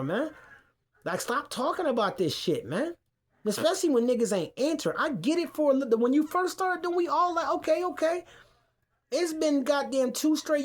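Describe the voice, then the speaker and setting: A man hosting a podcast from a couch in his home man cave, ranting casually, cursing a lot and repeating himself as he rambles. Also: high-pitched. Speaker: podcast host. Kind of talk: casual rant to camera.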